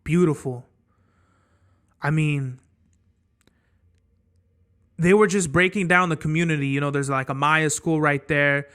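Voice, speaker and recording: Profane, animated young man telling stories. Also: on the high side, clean tone. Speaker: podcast host. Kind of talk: casual storytelling monologue.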